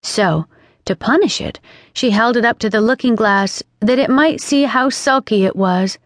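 A woman narrating an audiobook in a measured, gently expressive way. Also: on the high side, no room sound. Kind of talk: scripted narration. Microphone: studio microphone. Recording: dry studio sound.

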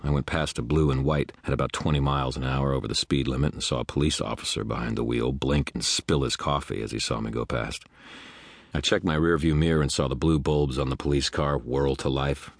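A man's voice: rumbling low, steady tone, a little fast, no echo. A man narrating a first-person detective audiobook in a wry, grumbling manner, close to the mic. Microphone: close studio mic.

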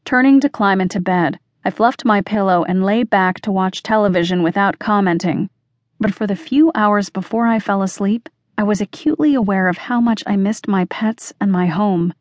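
A woman's voice: mid-range voice, no echo. Woman narrating a mystery audiobook, dry close sound. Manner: measured, expressive reading. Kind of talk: first-person audiobook narration.

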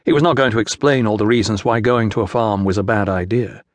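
A man narrating a historical novel as an audiobook in a measured, even storytelling manner. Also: fairly low pitch, no echo. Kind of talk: scripted narration. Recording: dry studio audiobook.

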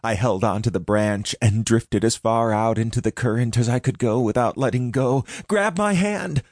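A man's voice: fairly low pitch, little pitch movement, normal speed, a little mellow, dry recording, studio quality. A man narrating a first-person audiobook in a dramatic, intense reading.

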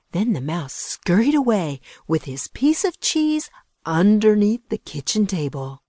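A woman narrating a children's audiobook with lively storytelling and hushed whispers at tense moments. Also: mid-range voice, measured pace, dry recording, studio quality.

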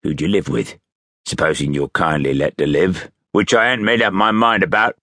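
A man voicing a threatening escaped convict with a gruff, coarse rural dialect. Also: low-pitched, steady tone, normal speed, sharp tone, no room sound, clean studio sound, exaggerated voice. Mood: menacing. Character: menacing ragged escaped convict, rough and threatening.

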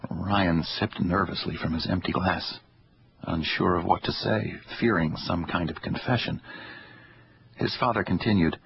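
Deep-voiced male audiobook narrator. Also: steady tone, unhurried, gravelly, breathy edge, highs cut off. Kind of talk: scripted narration.

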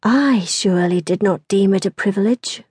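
A woman's voice: mid-range voice, normal speed, darkish tone, dry recording, clean studio sound, lightly acted. A woman voicing a spirited, tart young lady. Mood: tart, composed. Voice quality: crisp, tart. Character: spirited, witty young gentlewoman.

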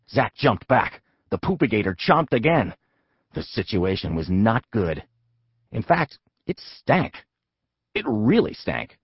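A man narrating a comic children's audiobook with a husky voice and a lively, playful storytelling manner. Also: medium pitch, no room sound, lo-fi sound.

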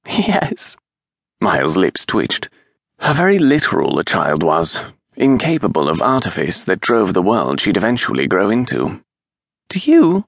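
A man reading a historical romance audiobook aloud in an expressive, measured storytelling manner, with a gravelly, husky voice on a close studio mic. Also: sits low, dry recording. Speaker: audiobook narrator. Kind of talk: scripted narration of a historical romance.

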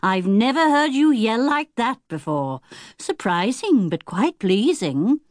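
A woman's voice: fairly high pitch, sing-song, slow, no echo, studio quality, voice pushed up. A woman narrator voicing a cheerful, teasing teenage boy in a children's audiobook. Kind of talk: audiobook character voice.

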